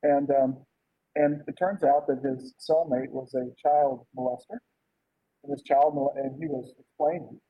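A man's voice: mid-range voice, steady tone, unhurried, warm tone, slightly rough, no echo. A man preaching a conversational sermon in an informal way, often checking in with "right?". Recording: dull lo-fi sound.

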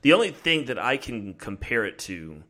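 A man's voice: medium pitch, big pitch swings, normal speed, sharp tone. A man hosting a casual discussion, thinking aloud and posing questions hesitantly.

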